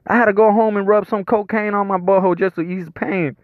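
A man's voice: high-pitched, steady tone, quick pace, few pauses, dry recording. A man telling a crude comic story in a rambling, profane way, chuckling between lines. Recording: dull lo-fi dry recording.

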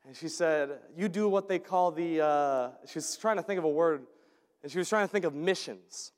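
A man's voice: a little high, moderate pace. A man giving an earnest storytelling testimony about a mission trip, often restarting and repeating his words. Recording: long reverb of a large hall.

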